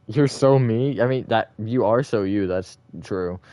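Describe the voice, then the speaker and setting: A man's voice: lowish voice, a little slow, dark tone, no room sound. A man hosting a live stream, chatting casually with viewers in a rambling, self-correcting way and laughing often.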